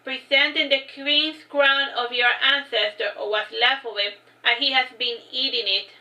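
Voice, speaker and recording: A woman's voice: high voice, fairly even intonation, measured pace, pushed and bright, heavily acted, low-quality recording. A woman reading the lines of a playful male court jester in a storybook, teasing and mock-formal. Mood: cheeky.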